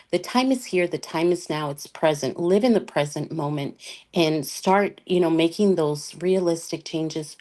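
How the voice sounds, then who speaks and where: A woman's voice: low-pitched, unhurried, dark tone. A woman speaking as a panel guest, giving earnest motivational advice, often filling her sentences with "you know".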